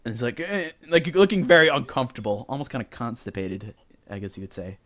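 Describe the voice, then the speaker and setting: Rambling game master over lo-fi chat. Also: male voice, medium pitch, fast, a bit bright. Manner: rambling, filler-heavy, casual. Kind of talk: narrating a tabletop game. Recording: dull lo-fi voice chat.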